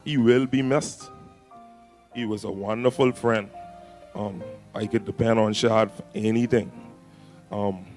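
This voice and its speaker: A grieving man gives a funeral tribute, speaking very slowly in a low voice. He halts often, with pauses and fillers. Soft music plays faintly behind him. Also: fairly even intonation. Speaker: mourner at a funeral.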